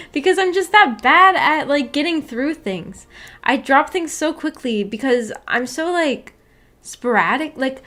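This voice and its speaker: A young woman with a somewhat high voice, chatting casually to her live-stream audience. She giggles often and trips over her own sentences, restarting them as she goes. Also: bright, forceful tone. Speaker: streamer hosting a book club.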